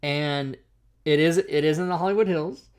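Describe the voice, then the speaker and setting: A middle-aged man hosting a talk show, telling an animated, profane anecdote in casual chat. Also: fairly high pitch, normal speed, clear, resonant tone.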